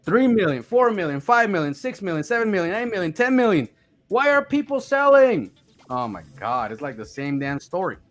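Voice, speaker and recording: Animated high-voiced man ranting casually. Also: a little fast, hardly any pauses, soft background music. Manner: animated, mocks complainers in put-on voices. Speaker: crypto project team member. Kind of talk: casual chat on a live audio space.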